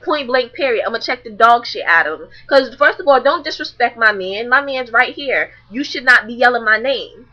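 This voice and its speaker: A young woman vlogging, telling a story to camera in a blunt, animated, profane way. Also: a little high, normal speed, few pauses, lo-fi sound.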